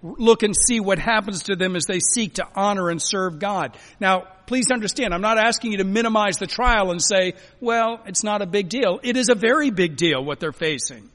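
A man preaching a sermon as a pastor, emphatic, swinging between loud urging and quiet, soft lines. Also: high voice, moderate pace, hardly any pauses. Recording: long hall reverb.

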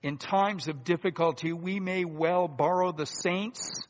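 A man preaching a sermon in a deliberate, earnest way, swinging between loud emphasis and hushed asides. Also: high voice. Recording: long hall reverb.

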